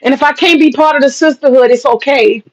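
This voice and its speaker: Brief: woman streamer, higher-pitched voice, slangy and sarcastic, swears freely, laughs a lot. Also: dull audio, slight background noise. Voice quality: sarcastic, profane, laughs often. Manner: casual slangy talk, drawn-out mock pleading. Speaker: livestream host and businesswoman. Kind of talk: livestream chat reading comments.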